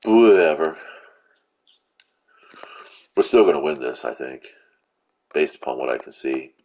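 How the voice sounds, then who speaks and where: Deep-voiced man venting while gaming. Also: lively intonation, unhurried, a little mellow. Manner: profane, ranting, venting frustration; rambling with restarts and fillers. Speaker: gaming channel host. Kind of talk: live gameplay commentary.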